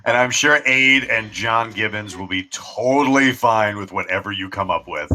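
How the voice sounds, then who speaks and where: A man's voice: fairly low pitch, normal speed, sharp tone. A man playing in a tabletop game, joking and teasing in casual banter. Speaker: player.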